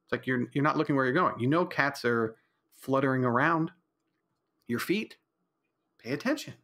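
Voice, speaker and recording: A man's voice: medium pitch, animated, moderate pace, a bit bright. A man hosting a casual solo podcast from home, talking in a blunt, rambling, opinionated way, with mild profanity and lots of fillers. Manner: frequent fillers and restarts. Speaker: podcast host.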